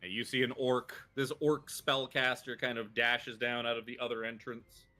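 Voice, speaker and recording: A man's voice: mid-range voice, little pitch movement, normal speed, pushed and bright, soft background music. A man narrating as game master, rambling loosely with frequent ums and chuckles.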